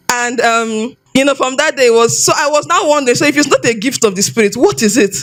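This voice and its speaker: A woman with a Nigerian English accent giving an animated, expressive personal testimony, often repeating herself as she tells her story. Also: fairly high pitch, fairly quick. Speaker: testimony speaker.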